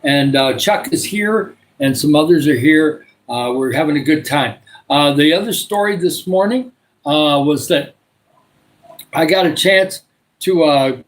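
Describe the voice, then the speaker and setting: A man's voice: fairly high pitch, expressive, unhurried, low-quality recording. An older man with a Michigan accent, chatting casually with viewers on his livestream, rambling along with lots of uhs. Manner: rambling, many filler uhs. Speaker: livestream host. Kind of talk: casual live chat with viewers.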